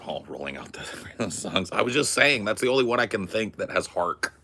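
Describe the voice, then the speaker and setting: A man's voice: lowish voice, big pitch swings, fairly quick, sharp tone, a little hiss or hum. An American man chatting casually on a comedy podcast, riffing and swearing as he jokes around. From United States. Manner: riffing, profane, jokey. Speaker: podcast host.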